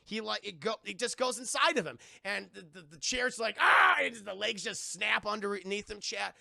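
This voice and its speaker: An animated male streamer runs through a cartoon scene by scene and talks to his chat. His voice sits high, with a heavy gravelly rasp. The room is dry and close. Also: moderate pace, dry recording. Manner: animated, profane, addresses chat. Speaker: streamer, show reviewer. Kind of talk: casual live-stream commentary.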